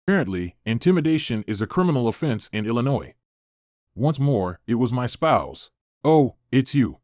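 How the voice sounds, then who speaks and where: A man narrating a first-person story in a scripted, even reading voice. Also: mid-range voice, no room sound, studio quality.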